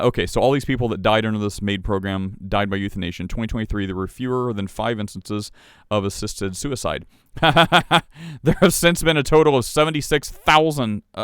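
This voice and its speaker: A man's voice: lowish voice, clean tone, no echo, clean studio sound. A man hosting a podcast, chatting casually and reading news articles aloud with asides. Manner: reads articles aloud, puts on mock voices for quoted people. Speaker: podcast host. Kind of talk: casual livestream commentary.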